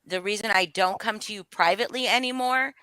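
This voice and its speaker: A woman's voice: mid-range voice, a little fast, bright, forceful tone, dry recording. A woman speaking out angrily on a live stream, swearing often, her voice rising and falling. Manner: angry, profane, voice rising and falling. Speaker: livestream guest speaking out. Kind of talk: emotional live-stream confrontation.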